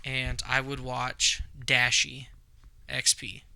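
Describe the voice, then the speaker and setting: A young man telling stories on a podcast in a very bright, forceful voice, animated and profane. He acts out old quarrels with big swings, over a faint hiss of background noise. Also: mid-range voice, takes it slowly, gravelly, low-quality recording. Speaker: podcast co-host. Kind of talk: casual storytelling chat.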